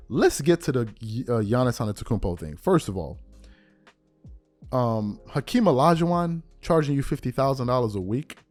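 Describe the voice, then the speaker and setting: A man hosting a podcast, giving blunt, mocking sports commentary. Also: fairly low pitch. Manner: animated, blunt and mocking, with mock-quoted asides. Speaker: podcast host. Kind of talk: opinionated commentary.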